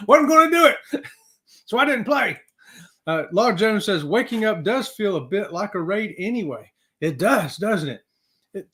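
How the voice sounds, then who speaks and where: Male livestream host with a high voice; upbeat, chatty, reads viewer comments aloud. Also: sharp tone. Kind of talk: casual livestream chat.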